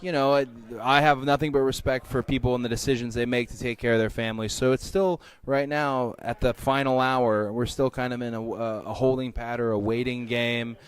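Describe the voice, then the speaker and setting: A man, a professional wrestler, answering interview questions in a candid, relaxed and conversational way. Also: medium pitch, normal speed, few pauses, clean tone.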